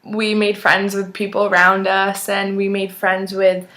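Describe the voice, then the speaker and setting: A woman of nineteen telling an excited, chatty story, full of "like" and acted-out quotes. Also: mid-range voice, measured pace. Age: young adult. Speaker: vlogger. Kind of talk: casual storytelling.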